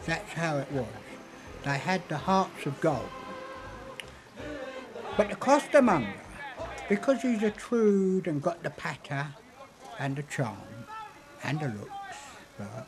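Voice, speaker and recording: This is an older man from London with a broad Cockney accent, talking casually and cheekily about old traditions. His pitch swings widely and sits a touch high, and faint music plays beneath his voice. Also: very animated, takes it slowly, long pauses. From London, England. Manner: chatty, cheeky, flirtatious. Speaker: interviewee. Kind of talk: casual storytelling.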